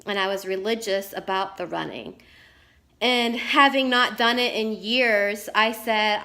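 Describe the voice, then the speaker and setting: A middle-aged woman writer tells a personal story in a candid vlog, sounding earnest and repeating herself for emphasis. Her mid-range voice is unhurried, with a pushed, bright quality.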